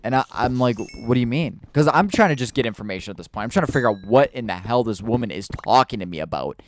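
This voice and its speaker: A man's voice: mid-range voice, lively intonation, fast. A man telling a spooky personal story in a casual, rambling way while he plays a video game, stumbling over restarts and fillers.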